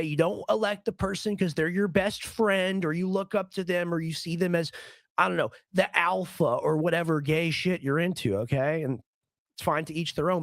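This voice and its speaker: A hoarse man hosting a live political stream, ranting in a rambling, heated way and often repeating his words. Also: fairly high pitch, no echo. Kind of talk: casual ranting commentary stream.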